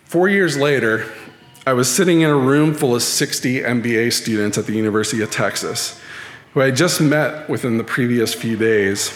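A man delivers a sermon-style talk in a measured, dryly self-deprecating way. His voice sits at a middling pitch and rings out through a large, echoey church hall with a long reverb tail. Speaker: lay speaker at church.

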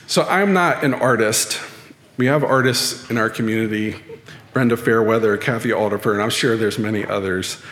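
A man delivers a sermon-style talk in a measured, dryly self-deprecating way. His voice sits at a middling pitch and rings out through a large, echoey church hall with a long reverb tail. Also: fairly bright tone, a little hiss or hum. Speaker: lay speaker at church.

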